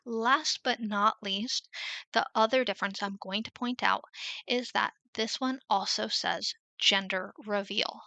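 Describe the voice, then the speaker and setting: A woman's voice: medium pitch, fairly even intonation, vocal fry, bright, forceful tone, dry recording. A woman, talking through a screen-share lesson in a chatty, explanatory way. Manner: chatty, explanatory, drawn-out emphasis. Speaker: Etsy selling coach.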